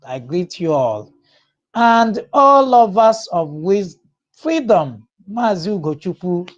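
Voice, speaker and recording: Slow high-voiced man on muffled audio. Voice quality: chants drawn-out calls before speaking. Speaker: caller in a live audio room. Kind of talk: chanting then greeting speech.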